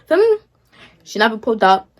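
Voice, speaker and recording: A young woman with a fairly high voice recounts a personal story for her storytime channel, very animated and a little fast. She addresses viewers head-on in sassy, dismissive slang, checking in again and again with "feel me?".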